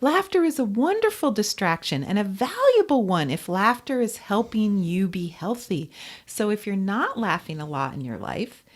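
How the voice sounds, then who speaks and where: A woman co-hosting a podcast in casual chat, a Chinese medicine practitioner who talks in an animated way and laughs often. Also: medium pitch, moderate pace.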